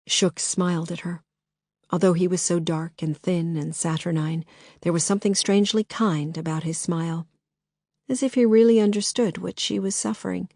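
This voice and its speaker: A woman narrating a novel as an audiobook, steady and measured. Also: fairly low pitch, no room sound, studio quality. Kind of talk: scripted narration.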